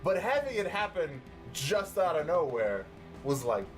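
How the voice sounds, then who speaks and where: A man co-hosting a casual movie review podcast, relaxed and full of fillers, swearing freely. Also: fairly high pitch, unhurried, soft background music. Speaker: podcast co-host.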